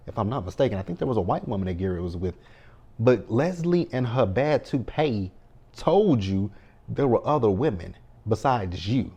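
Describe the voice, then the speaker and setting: A man's voice: fairly low pitch, lively intonation, unhurried, dark tone, slightly rough. A man giving a casual, blunt, profane recap of a TV episode and talking back to the characters as he goes. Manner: blunt, profane running commentary. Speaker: TV show recapper.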